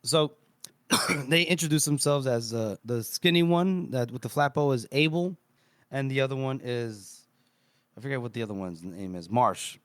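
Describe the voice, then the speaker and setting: A podcast co-host recaps chapters, retelling a story in a loose, rambling way full of crude swearing. His mid-range voice has a clean tone at a normal speed, with no room sound.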